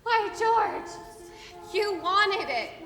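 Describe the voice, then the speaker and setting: A woman's voice: very high voice, lively intonation, unhurried, over music. A woman playing an emotional, fussing mother of the groom in a live stage play. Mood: scolding. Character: fretful tearful mother of the groom. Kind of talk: live amateur stage acting. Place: theater stage. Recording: echoey hall reverb.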